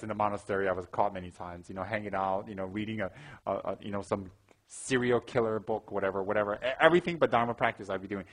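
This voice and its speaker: A man giving a Buddhist teaching, telling stories in an animated way and acting out gasps and quoted lines. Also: lowish voice, low-quality recording. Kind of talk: dharma talk with anecdotes.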